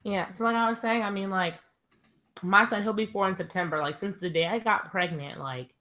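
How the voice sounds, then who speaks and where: A woman's voice: mid-range voice, fairly quick, sharp tone. A woman in casual chat, candid and hesitant, with lots of "like" as she talks. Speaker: discussion guest.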